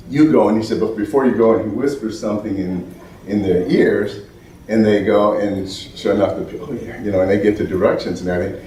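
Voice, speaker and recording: An American man giving an animated storytelling talk at an event, restarting often and acting out the voices he quotes. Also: on the low side, slight background noise. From United States. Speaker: speaker at an event. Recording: roomy hall from far off.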